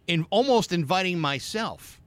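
A man's voice: high-pitched, lively intonation, moderate pace, dry recording. A man co-hosting a casual podcast chat, wry and teasing, often restarting his sentences. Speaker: podcast co-host.

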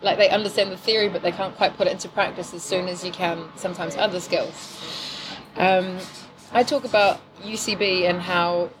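A middle-aged woman from New Zealand with a mixed, softened accent, talking casually and laughing easily as an improv teacher on a podcast. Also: lowish voice, fairly even intonation, moderate pace, background noise. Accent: New Zealand, softened by years in England. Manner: chatty, laughing, self-deprecating. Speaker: improv teacher and corporate trainer.

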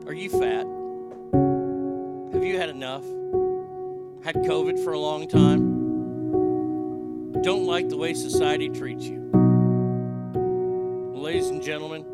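A man voicing a pushy TV commercial announcer in an improvised mock commercial, loud and salesy with swooping pitch. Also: fairly even intonation, slow pace, long pauses, loud music behind the voice. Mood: hyped sales pitch. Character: over-the-top male TV commercial announcer, pushy.

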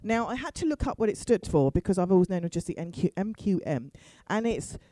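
A woman's voice: fairly low pitch, animated, fairly quick, warm tone, no echo, rough recording. A middle-aged woman telling a comic story to an audience, chatty and self-mocking with asides to the crowd. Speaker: storyteller on stage.

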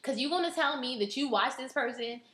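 A woman co-hosting a podcast, chatting casually in a loud, animated, profane way. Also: sits high, a little fast, roomy sound. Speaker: podcast co-host. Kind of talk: casual chat.

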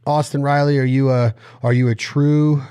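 A man's voice: mid-range voice, flat delivery, mellow, clear, resonant tone, dry recording, studio quality. Teasing man firing off questions. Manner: rambling, teasing, rapid-fire questions. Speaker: podcast host. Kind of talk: casual interview chat.

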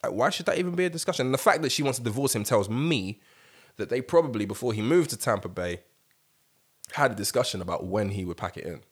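A young man co-hosting a podcast in casual, animated chat, swearing freely and breaking into loud outbursts. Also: mid-range voice, quick pace, breathy edge. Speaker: podcast co-host.

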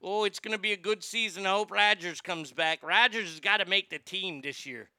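Brief: man playing a chirpy folksy local, high gravelly voice, bright. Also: brisk, dry recording, clean studio sound, exaggerated voice. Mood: folksy cheerful. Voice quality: chatty, folksy. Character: cheerful folksy Midwestern local man, sports fan.

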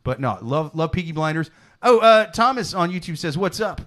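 A man hosting a comedy podcast, chatting casually and animatedly, swearing freely and slipping into loud mock voices. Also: a little high, animated, moderate pace. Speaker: podcast host.

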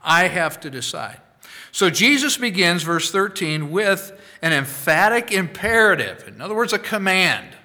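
A man preaching a sermon, slow and deliberate, with sudden loud emphatic bursts. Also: high-pitched, very animated.

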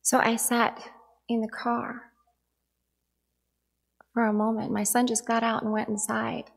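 A woman's voice: fairly high pitch, level tone, unhurried, vocal fry. A woman in her forties giving a reflective dharma talk, telling a personal story in an earnest, storytelling manner.

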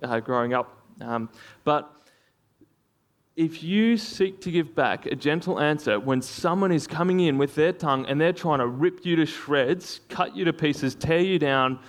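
Man, preacher, conversational sermon, slightly high voice, many fillers. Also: a little slow. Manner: conversational, with frequent fillers and laughs.

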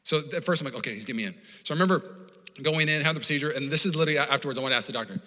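A male pastor delivers a lively sermon at a quick clip, his voice forceful and somewhat high. He talks conversationally, stumbling and restarting, and acts out the people he quotes. The church room adds a long trailing reverb. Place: church auditorium.

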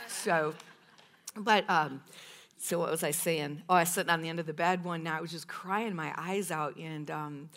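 A woman in her fifties speaking at a women's meeting, telling a personal testimony in an animated way that acts out her past outbursts and laughs often. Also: deep voice, normal speed.

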